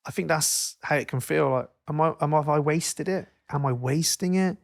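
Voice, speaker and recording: Man in his thirties, podcast host, casual chat, animated, swears, slightly high, gravelly edge. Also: moderate pace. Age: 30s. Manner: animated, swearing, acts out quotes with voices.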